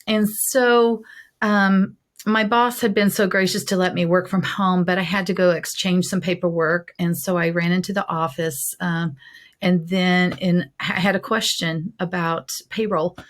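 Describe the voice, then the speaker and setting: A woman's voice: lowish voice, steady tone, a little slow. A middle-aged woman, a guest in an interview, telling her personal testimony in an earnest, heartfelt way.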